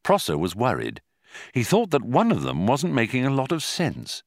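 A man narrating an audiobook with measured, dry storytelling. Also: mid-range voice, huge pitch swings, vocal fry, no room sound. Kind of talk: scripted narration.

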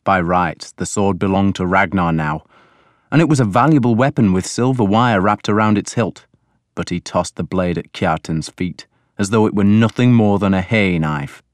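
A man narrating an audiobook in a measured, deliberate way. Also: low voice, no echo, clean studio sound.

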